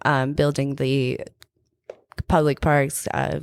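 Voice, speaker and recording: A woman's voice: very deep voice, flat delivery, takes it slowly, creaky, clear, resonant tone, no room sound, clean studio sound. A young woman who builds terrain parks, chatting easygoing as a podcast guest and laughing often. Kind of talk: casual podcast chat.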